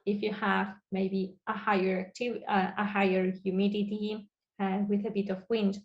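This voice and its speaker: Woman researcher, mid-pitched, halting delivery, muffled video call sound. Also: level tone. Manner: halting non-native phrasing with many fillers. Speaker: guest researcher. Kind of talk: presenting a lecture over video call.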